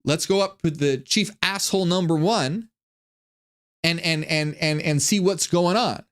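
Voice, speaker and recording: A man's voice: unhurried, fairly bright tone. A man voicing panicking male servants of a cosmic ruler, frantic and crude. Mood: bewildered. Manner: frantic, high-pitched, crude.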